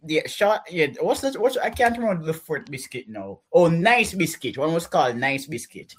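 A man chatting casually, listing small things in a meandering deadpan way. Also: on the high side, normal speed, a little hiss or hum. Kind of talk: casual chat.

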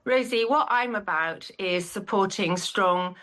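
A woman's voice: mid-range voice, measured pace, a bit bright. A woman politician in an interview, giving guarded, repetitive answers. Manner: guarded, repetitive talking points.

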